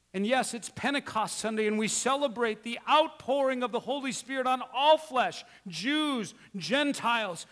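High-voiced man preaching in a reverberant church. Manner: emphatic preaching, rhetorical questions, swings from soft asides to loud exclamations. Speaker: pastor. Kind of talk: sermon. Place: church sanctuary.

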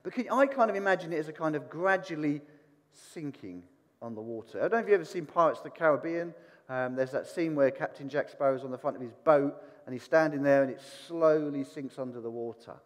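A man preaching a sermon, animated and putting questions to the congregation. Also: fairly high pitch, fairly quick, big-room sound. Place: church hall.

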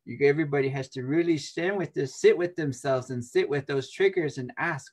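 Animated man explaining spiritual ideas. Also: a little high, brisk, few pauses. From United States. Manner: animated, laughs often and acts out quoted voices. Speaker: interview guest, shaman. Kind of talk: casual spiritual talk.

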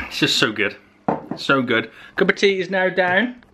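A man's voice: on the high side, big pitch swings, a little slow, background noise. A man vlogging a playful cooking demo in his home kitchen, filming on a handheld phone and narrating each step with jokes. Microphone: handheld phone camera.

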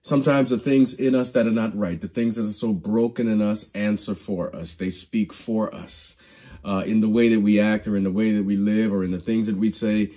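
Male Bible teacher, preacherly storyteller, dark and slightly husky, restarts phrases. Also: fairly low pitch, steady tone, normal speed. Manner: preacherly storytelling, acts out quoted lines. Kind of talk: Bible study lesson.

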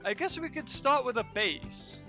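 A man's voice: extremely high pitch, expressive, measured pace, over music. A man live-streaming a zoo-building game, chatting casually and answering his viewers' chat as he plays. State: recovering from illness. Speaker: let's play streamer. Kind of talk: casual livestream commentary.

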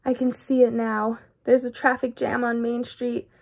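A woman voicing an anxious, fretful male walrus in a children's storybook, talking slowly and rambling through all his worries. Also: fairly high pitch, flat delivery, gravelly, darkish tone. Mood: worried. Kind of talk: children's storybook read-aloud.

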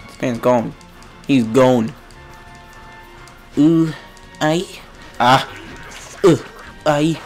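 A man's voice: medium pitch, extremely slow, pauses often, soft background music. A young man giving jokey, exasperated let's play commentary, yelping and grunting as he plays, sounding a little sick. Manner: exasperated, excitable, jokey, frequent yelps and grunts. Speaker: gamer.

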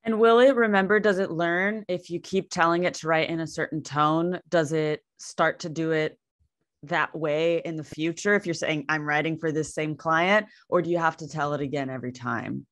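Low-voiced woman interview host. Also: fairly even intonation, moderate pace, no room sound, clean studio sound. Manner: short affirmations, curious follow-up questions. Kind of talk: casual interview questions.

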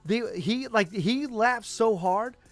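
A man's voice: high voice, slow, no room sound, faint music behind. A man co-hosting a radio show, telling long anecdotes in casual banter and cutting in to correct his partner. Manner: animated storyteller who cuts in to correct. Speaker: co-host.

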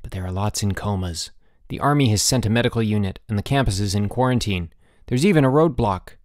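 A man's voice: on the low side, brisk, dry recording, studio quality, close to an everyday voice. A man voicing a mischievous schoolboy who speaks with mock gravity, earnest and solemn. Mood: mock-grave.

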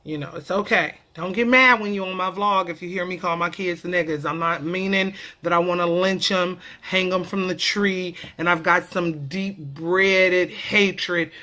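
A woman vlogger explaining her way of talking in a casual comedic vlog, with animated, profane, playful banter. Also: on the low side, moderate pace, hardly any pauses.

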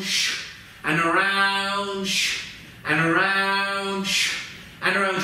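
A man leading a kids' yoga class with gentle, playful, encouraging instructions. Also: sits high. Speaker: yoga teacher. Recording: echoey room, mic far off.

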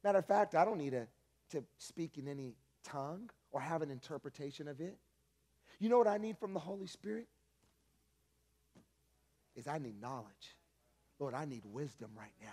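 A man's voice: on the high side, lively intonation, moderate pace, pauses often, a little mellow. A male pastor preaching a sermon in a conversational, emphatic storytelling manner.

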